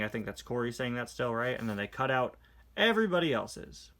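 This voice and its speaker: Bright-voiced man roasting a comic. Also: medium pitch, big pitch swings. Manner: sarcastic, exasperated critique; reads captions aloud in quick put-on voices. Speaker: toy reviewer. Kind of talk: casual comic book review.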